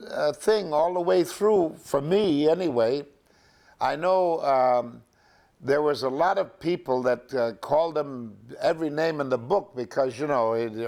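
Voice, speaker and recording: An older man recalling his film work in an interview, halting and full of fillers and restarts. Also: fairly high pitch, creaky, darkish tone. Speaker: actor interviewee. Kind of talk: reminiscing interview.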